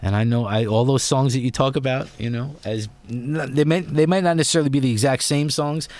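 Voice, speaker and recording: A man's voice: medium pitch, fairly quick, a little mellow. A man in his forties hosting an interview, chatty and given to rambling anecdotes. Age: 40s. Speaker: interviewer host. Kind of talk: conversational interview.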